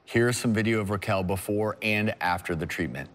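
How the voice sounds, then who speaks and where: A man's voice: lowish voice, moderate pace, fairly bright tone. A man hosting a talk show who interviews a guest in an earnest, emphatic way and speaks directly to viewers.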